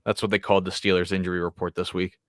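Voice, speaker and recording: A man's voice: deep voice, little pitch movement, racing, fairly bright tone, no echo, clean studio sound. A man co-hosting a sports podcast, talking in a laid-back way and teasing his co-host with questions. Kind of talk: casual sports chat.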